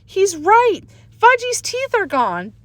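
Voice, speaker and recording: A woman voicing a bossy, whiny young schoolgirl with a shrill, pleading manner. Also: big pitch swings, moderate pace, fairly bright tone, no echo. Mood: upset.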